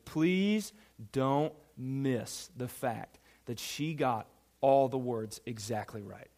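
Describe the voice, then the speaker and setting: A man preaching a sermon, emphatic and animated, speaking directly to a young congregation. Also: medium pitch, takes it slowly. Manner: addresses a youth audience directly. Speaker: pastor.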